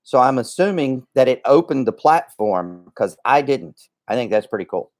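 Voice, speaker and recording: A man's voice: mid-range voice, very animated, moderate pace. Rambling, breathless livestream host man. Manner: rambling, chatty, many fillers and restarts. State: slightly out of breath. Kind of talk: casual livestream chat.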